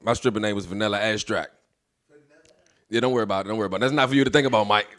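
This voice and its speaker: A man's voice: fairly low pitch, racing, a bit bright. A man in his thirties doing a stand-up comedy set, brash and swearing, acting out the people in his stories.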